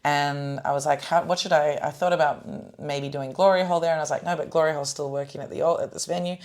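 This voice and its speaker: A young woman hosting a podcast, chatting casually about comedy shows with lots of fillers and restarts, in a smooth phone-style voice. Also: deep voice, fairly even intonation, quick pace, darkish tone. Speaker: podcast host and comedy showcase producer. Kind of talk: casual chat.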